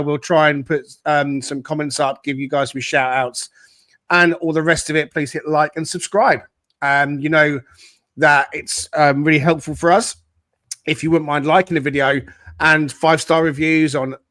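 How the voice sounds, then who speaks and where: A man hosting a football podcast, reading a spooky dramatic intro and then chatting quickly and casually. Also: on the high side, a bit bright, no room sound. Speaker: podcast host. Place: Nottingham podcast studio.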